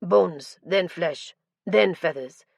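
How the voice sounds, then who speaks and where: A woman's voice: fairly low pitch, slow pace, vocal fry, dry recording, full character voice. A woman voicing a terse, commanding winged warrior man. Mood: urgent, commanding. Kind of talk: audiobook character dialogue.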